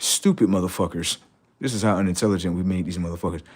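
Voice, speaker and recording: A man's voice: low-pitched, fast talker. A man ranting on a livestream, profane and mocking, laughing often. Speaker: streamer. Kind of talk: casual livestream rant.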